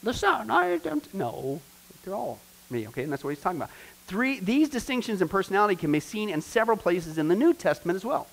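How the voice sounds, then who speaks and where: Middle-aged male pastor, high-pitched, conversational teacher who quizzes his class. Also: sing-song, fast, creaky.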